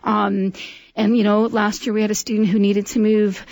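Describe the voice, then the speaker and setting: A woman's voice: mid-range voice, little pitch movement, moderate pace, darkish tone, no echo. A middle-aged woman, a school administrator telling stories in a friendly, chatty interview, often laughing. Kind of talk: interview conversation.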